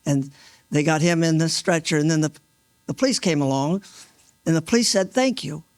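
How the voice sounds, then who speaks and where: A mail carrier in his sixties recounting a rescue at an awards event in an earnest, halting way, restarting often and acting out what people said. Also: fairly high pitch, clear, resonant tone, no room sound. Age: 60s. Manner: earnest, halting, with many restarts and re-enacted quotes. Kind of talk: emotional first-person storytelling. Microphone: stage microphone.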